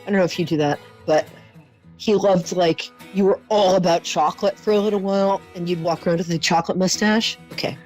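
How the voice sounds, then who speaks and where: A woman's voice: on the low side, steady tone, fairly quick, a little mellow, faint music behind, low-quality recording. A middle-aged woman hosting a call-in psychic reading, talking earnestly and reassuringly with endearments and open emotion. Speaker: psychic host. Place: studio.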